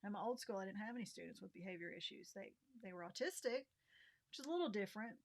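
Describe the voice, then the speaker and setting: A middle-aged woman who teaches and vlogs talks frankly about her week in a candid personal vlog. Her medium-pitched voice is animated and quick as she vents with swearing, fillers and bursts of laughter.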